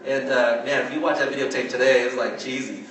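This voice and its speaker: A man from California in his forties, telling a story to a live audience at a training event in a chatty, animated way and asking "right?" again and again. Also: medium pitch, a little fast, crowd noise. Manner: chatty, animated, asks "right?" often, laughs as he talks. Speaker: network marketing trainer. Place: large hall with an audience. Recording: very echoey hall, mic far off.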